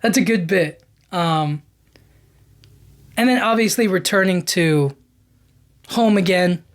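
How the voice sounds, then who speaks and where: A young man talks through a movie's plot as a podcast host, in an easygoing, chatty way. He stumbles and restarts often and speeds up when the action gets exciting. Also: sits high. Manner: animated retelling with many fillers and restarts. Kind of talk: casual film recap.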